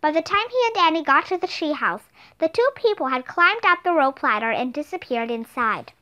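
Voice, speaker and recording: A woman narrating a children's storybook aloud in an expressive, clear manner. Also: sits high, a little fast. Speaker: audiobook reader.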